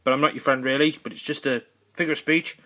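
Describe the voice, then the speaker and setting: A man's voice: on the high side, steady tone, fast, bright, forceful tone. A man voicing a bumbling, cowardly male president who rambles and corrects himself.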